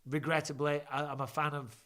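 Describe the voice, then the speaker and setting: A man's voice: fairly high pitch, flat delivery, a little fast, fairly bright tone. A man hosting a live stream, chatting bluntly and jokingly while watching fights, with plenty of swearing. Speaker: host.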